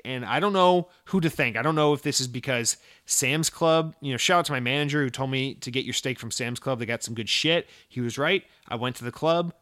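A young man hosting a casual gaming podcast, chatting in a rambling, excitable way with lots of swearing and restarts. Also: medium pitch, dry recording, clean studio sound. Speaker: podcast host. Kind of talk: casual solo podcast chat.

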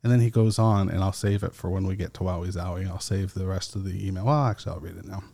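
A man hosting a casual solo podcast, talking slowly and haltingly with many fillers, still foggy after an edible. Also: low-pitched, fairly even intonation, creaky, mellow. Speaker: podcast host.

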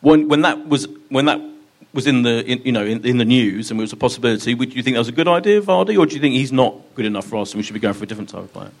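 A man hosting a casual panel chat, asking quick conversational questions. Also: mid-range voice, expressive, vocal fry. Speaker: host.

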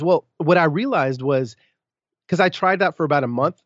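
A man telling his story as a podcast guest, candid and emphatic, with quick restarts and sudden emphatic bursts. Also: fairly high pitch, dry recording, lo-fi sound.

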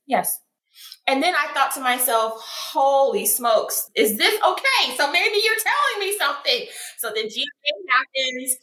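A woman being interviewed, telling her story in an animated way and acting out what people said. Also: a little high. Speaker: guest, founder of a foot care brand. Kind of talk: casual interview conversation. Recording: echoey room.

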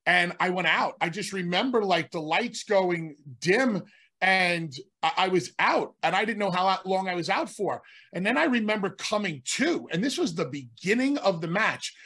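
A man's voice: sits high, lively intonation, moderate pace, sharp tone, slightly rough. A middle-aged man, a podcast co-host, telling rambling stories in casual chat, often restarting his sentences. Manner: rambling, restarts, self-interrupting. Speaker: podcast co-host, former wrestler. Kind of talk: casual storytelling.

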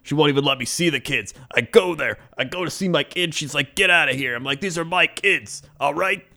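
A man's voice: a little high, fairly quick, vocal fry, bright, forceful tone, pitched above the performer's own voice. A man voicing a defensive, self-pitying middle-aged male rideshare driver who rambles about his family. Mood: aggrieved.

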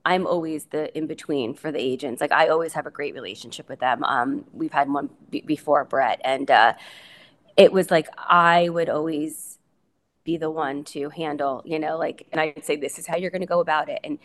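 Low-voiced chatty middle-aged woman. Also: moderate pace. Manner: chatty, rambling, many fillers and restarts. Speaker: guest, coach's wife. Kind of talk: casual interview talk.

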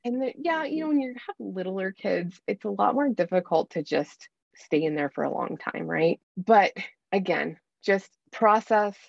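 A woman's voice: mid-range voice, animated, moderate pace, creaky, no room sound, highs cut off. A woman talking earnestly as a guest coach on a faith podcast, acting out her own inner dialogue. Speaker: guest, mom anger coach. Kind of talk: faith-based podcast conversation.

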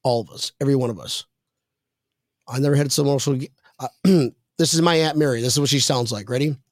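A man's voice: medium pitch, fast, no room sound, studio quality. A man hosting a casual podcast chat, joking around and reading viewer comments aloud. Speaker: podcast host.

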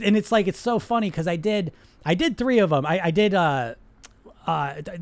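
Male host, high voice, dry close mic; blunt, profane, emphatic unscripted coaching talk. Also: no echo. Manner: blunt, emphatic, profane, repeats words for stress. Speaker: weight-loss coach and podcast host. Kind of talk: unscripted coaching monologue to a live chat.

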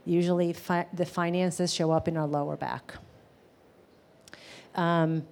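Woman therapist teaching a live class, lowish voice, chatty, asks the room questions. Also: flat delivery, measured pace, creaky, darkish tone. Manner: conversational, questions to the audience, many "um"s and "right?".

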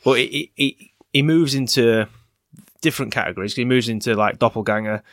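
A man's voice: medium pitch, brisk, fairly bright tone, no room sound, studio quality. A man with a Northern English accent co-hosting a podcast in casual, rambling chat. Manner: rambling, chatty, with fillers and restarts. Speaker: podcast co-host.

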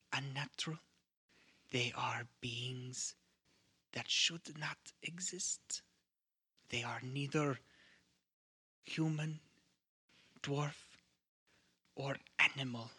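A man putting on a cold zealous huntress, hushed whispery menace, slow deliberate delivery, bright husky edge. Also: medium pitch, exaggerated voice. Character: cold, zealous woman hunter of were-creatures.

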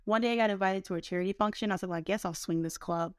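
A woman's voice: mid-range voice, very fast, clean tone, no room sound, studio quality. A woman in her thirties, a healthcare executive, chatting as an interview guest in a friendly, conversational way. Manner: friendly, conversational, uses "like" often. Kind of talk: casual interview chat.

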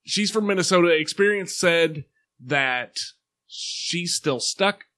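A man co-hosting a podcast in casual chat, relaxed and unhurried, in a plain everyday voice. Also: a little high. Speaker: podcast co-host.

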